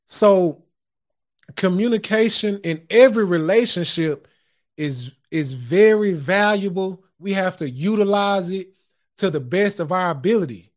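A man's voice: high voice, lively intonation, measured pace. A man hosting a podcast, preaching casually in a loose monologue. He chuckles often and curses without fuss. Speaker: podcast host. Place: home studio.

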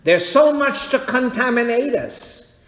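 A man preaching a sermon in a church, slow and deliberate, checking that his congregation follows. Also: very high-pitched, expressive, a bit bright. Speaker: pastor. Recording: echoey hall with long reverb.

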